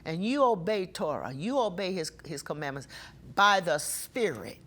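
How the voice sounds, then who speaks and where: A woman preaching a sermon with passion, slowing down and getting louder when she reads scripture. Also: lowish voice, expressive.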